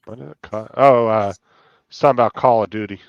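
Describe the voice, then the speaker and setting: A man's voice: lowish voice, fairly quick, gravelly, no echo, lo-fi sound. A man hosting a live stream, chatting loosely and joking with friends. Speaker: streamer host. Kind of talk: casual live-stream chat.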